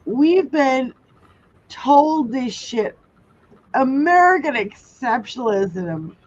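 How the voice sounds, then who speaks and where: A woman's voice: high voice, expressive, slow pace, lo-fi sound. A woman hosting a casual livestream, ranting angrily with heavy swearing while reading viewer comments. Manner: angry, heavy swearing rant.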